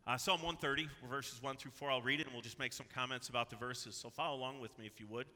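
Male pastor, very bright and cutting tone, earnest urgent delivery, long church reverb. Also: medium pitch, steady tone, quick pace. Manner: earnest and emphatic, rising to urgent exhortation. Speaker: preacher. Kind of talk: sermon with scripture reading. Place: church sanctuary.

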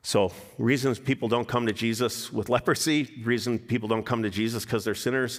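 Brief: male pastor, lively sermon delivery with acted-out quotes, echoing church sanctuary. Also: medium pitch, fairly quick, few pauses. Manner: animated, acts out quotes in character voices.

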